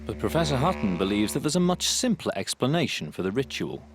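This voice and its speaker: A man reading a scripted documentary voice-over in a measured way. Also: medium pitch, sing-song. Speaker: documentary narrator. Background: background music.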